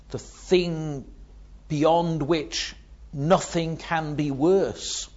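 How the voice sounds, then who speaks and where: A man preaching a sermon, dramatic, swinging from hushed words to loud ones. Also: on the high side, husky, dull audio.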